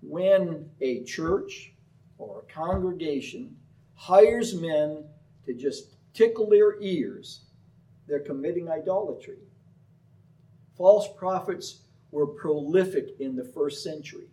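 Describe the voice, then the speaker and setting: A man's voice: sits high, takes it slowly. A man preaching a sermon, telling stories and slipping into acted voices. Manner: storytelling, animated with acted voices. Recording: voice from far off the mic.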